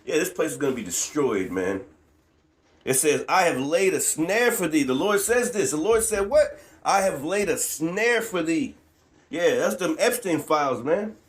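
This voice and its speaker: A man's voice: fairly high pitch, big pitch swings, moderate pace. A man reading scripture aloud and commenting on it with rising fervor, laughing often and ending lines with "man". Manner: preachy, laughs often, repeats "man" at line ends.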